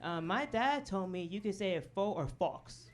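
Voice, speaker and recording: A woman's voice: mid-range voice, lively intonation, moderate pace, soft background music. A comedian doing a stand-up set in a comedy club, chatting with the crowd and tossing in "okay?" and "right?" asides, often laughing at her own jokes. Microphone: handheld stage mic. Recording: club audience laughing in background. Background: audience laughter.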